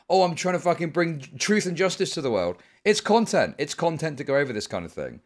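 A man streaming live commentary, arguing heatedly and swearing often. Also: on the high side.

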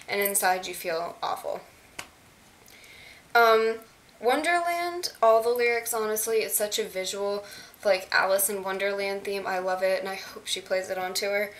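A young woman vlogging as an excited fan, gushing and chatty with lots of fillers. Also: mid-range voice, normal speed. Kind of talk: casual chat. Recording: faint hiss.

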